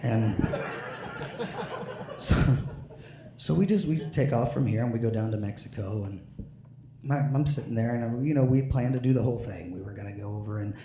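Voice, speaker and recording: A man's voice: medium pitch, mellow, slight background noise. A man doing a stand-up comedy set, tipsy, rambling with many fillers and restarts. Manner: rambling, halting delivery with frequent fillers and restarts. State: a bit drunk. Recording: echoey room with faint ambience.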